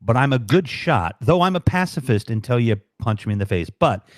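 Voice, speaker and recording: A man's voice: medium pitch, big pitch swings, fairly quick, no echo. Male stream guest, rambling and jokey, dry sound. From United States. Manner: rambling, jokey, many fillers. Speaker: livestream guest, fellow broadcaster. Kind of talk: casual chat.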